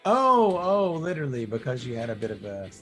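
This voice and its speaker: A man's voice: medium pitch, very animated, brisk, a bit bright, soft background music. A man hosting an improv comedy show, introducing the players over a video call in an upbeat, jokey way.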